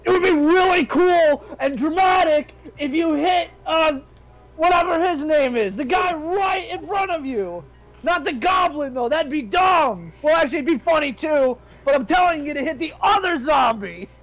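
A man voicing a brash, dim-witted male brawler in a tabletop game, loud and boastful as he rambles. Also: high-pitched, measured pace, faint music behind, pitched above the performer's own voice, low-quality recording. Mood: shouting, goofy.

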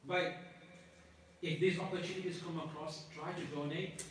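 A man's voice: on the high side, steady tone, normal speed, slight background noise. A man preaching and leading supplications at night prayers, passionate and pleading. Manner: impassioned, pleading. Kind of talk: sermon and supplication. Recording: echoey hall from far off.

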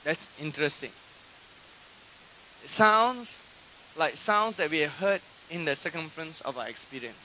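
A man preaching a sermon, teaching from scripture and acting out quoted voices with animated emphasis. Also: a little high, moderate pace, long pauses, slight background noise. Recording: dull lo-fi archive recording.

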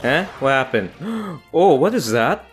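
A woman giving excited, exclamatory let's-play commentary as a gaming channel host. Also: low voice, a little slow, faint music behind.

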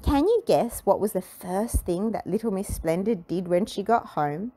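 A woman reading a children's picture book aloud, with expressive storytelling and playful emphasis. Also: medium pitch, moderate pace.

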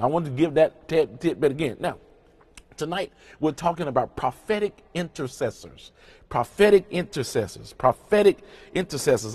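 A man's voice: mid-range voice, a little mellow, slightly rough. A male pastor preaching to an online congregation, emphatic, repeating key phrases and greeting listeners by name between points.

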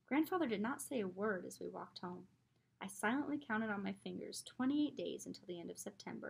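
A woman's voice: medium pitch, vocal fry, breathy edge. A woman reading a novel aloud as a teacher, telling it expressively. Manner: expressive storytelling.

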